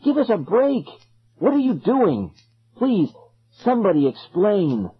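A man's voice: on the high side, sing-song, unhurried, husky, highs cut off, heavily acted. A man voicing a frightened, lost child who pleads in a raised, tense voice.

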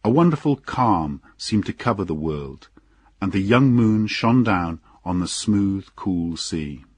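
A man narrating an audiobook story in a slow, measured storytelling manner. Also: low-pitched, animated, husky, no room sound.

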